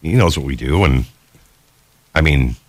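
A man's voice: a bass voice, animated, unhurried, no echo. A man co-hosting a morning radio show, chatty and joking, reading the station ID and weather. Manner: jokey, chatty, reads station IDs and weather. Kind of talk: casual radio banter. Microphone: studio microphone.

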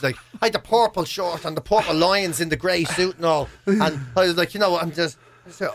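A man's voice: fairly high pitch, fast, a bit bright, slight background noise. An Irish man chatting as a guest, telling rambling, self-deprecating stories and swearing freely. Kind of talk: casual chat.

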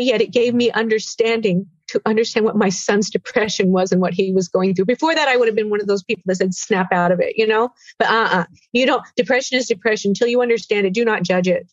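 A woman in her sixties giving an earnest personal testimony as an interview guest, halting and tearful at times. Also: mid-range voice, dry recording, highs cut off.

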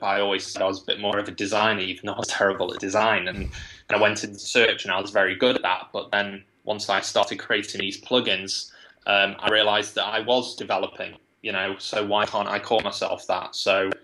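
A man with an English accent, a guest talking in a casual interview, thinking aloud with quick restarts. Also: on the low side, flat delivery, pushed and bright, a little hiss or hum, rough recording. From England. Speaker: guest, web agency founder.

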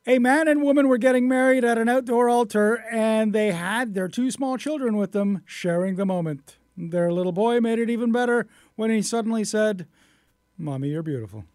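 A man co-hosting a radio show, reading short offbeat news items in a brisk newsreader manner. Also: extremely high pitch, darkish tone, no room sound, studio quality.

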